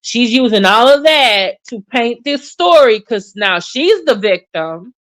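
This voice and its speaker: A woman's voice: fairly high pitch, a little slow. A woman giving casual, sassy commentary on online drama, acting out what others said and sighing in disbelief. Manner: sassy, animated, acts out quotes with sighs. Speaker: YouTube commentator.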